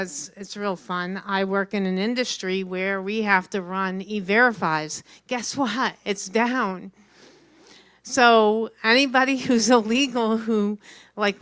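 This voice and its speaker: A woman's voice: mid-range voice, fairly bright tone, clear, resonant tone, dry recording. A woman from New Jersey doing a blunt, brash stand-up comedy set at an open mic. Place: small venue open mic.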